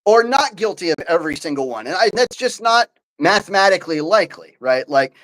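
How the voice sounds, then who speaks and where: A man hosting a live political talk show, speaking in an animated, opinionated way with many fillers and restarts. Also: sits high, brisk, rough recording. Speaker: podcast host.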